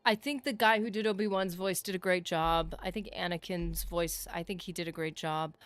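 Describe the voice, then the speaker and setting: A woman streamer chatting excitedly with her viewers while playing a fantasy game, animated and chatty on a close streaming mic. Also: on the low side, moderate pace, dry recording. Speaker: gaming streamer. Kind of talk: casual livestream chat.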